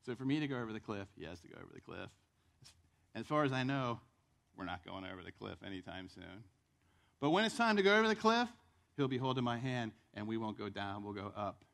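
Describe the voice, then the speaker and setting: A male pastor preaching a sermon in church, telling the story with lively acted-out voices. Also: on the low side, a little fast, gravelly.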